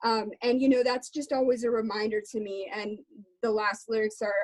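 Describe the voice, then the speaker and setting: A young adult woman talks candidly in an interview, her voice slightly higher than most. She speaks earnestly and from the heart, with a plain, conversational delivery. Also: flat delivery, normal speed, low-quality recording. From Texas. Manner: earnest, heartfelt, faith-centered. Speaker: guest musician.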